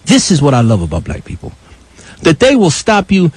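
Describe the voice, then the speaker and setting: An older man from New York telling a passionate personal story as a live radio call-in co-host, with a husky voice and wide emotional swings. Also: fairly high pitch, wildly swooping pitch, brisk, low-quality recording. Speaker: radio talk show co-host.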